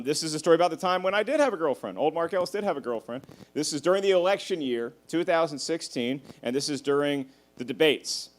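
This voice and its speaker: A male stand-up comedian with a somewhat high speaking voice works through a set. He tells animated stories, swears freely and laughs at his own jokes.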